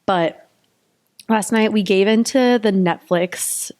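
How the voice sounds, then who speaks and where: A woman's voice: medium pitch, takes it slowly, a little mellow. A young woman co-hosting a podcast, chatting casually with lots of fillers and giggles. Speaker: podcast co-host, pelvic physical therapist. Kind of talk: casual chat.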